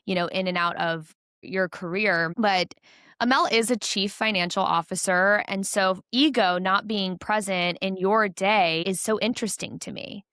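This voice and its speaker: Woman podcast host, smooth resonant tone, lower pitch, dry close-mic studio. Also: normal speed, fairly bright tone, dry recording. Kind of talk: interview hosting.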